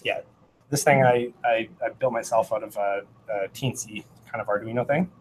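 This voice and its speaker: A man's voice: lowish voice, moderate pace, very noisy. Rambling man giving a hands-on tech talk. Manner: rambling, many fillers and self-corrections, sings out Morse rhythms. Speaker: meetup presenter. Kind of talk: casual technical talk with live demo. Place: meetup room.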